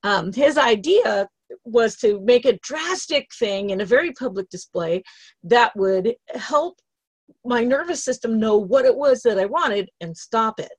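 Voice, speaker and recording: A woman's voice: fairly high pitch, unhurried, slightly rough, no echo. A middle-aged woman giving a personal motivational talk, telling her story with emotion and laughter. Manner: emotional, laughing, animated retelling. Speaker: motivational speaker. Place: lives in a travel trailer in Idaho.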